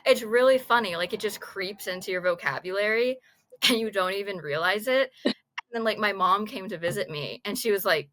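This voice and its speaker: Young American woman, animated student guest, bright forceful voice. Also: mid-range voice, brisk. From United States. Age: young adult. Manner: animated, laughing storyteller. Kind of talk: casual podcast chat.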